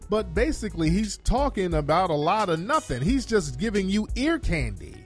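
A man's voice: high-pitched, big pitch swings, normal speed, soft background music. A man giving emphatic reaction commentary on a video clip, lecturing his viewers directly. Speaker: political commentator.

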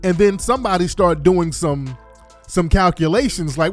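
A man hosting a commentary show, scornful and animated, drawing out and sing-songing his words. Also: high-pitched, moderate pace, soft background music. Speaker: host.

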